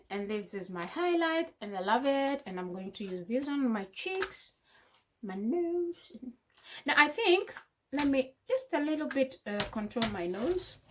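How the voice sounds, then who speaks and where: A woman's voice: fairly high pitch, a little hiss or hum. A young woman, a beauty vlogger, chatting with feeling and firing off rhetorical questions while she does her makeup at home. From Africa. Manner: impassioned, full of rhetorical questions. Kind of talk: casual chat while doing makeup. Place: indoors at home.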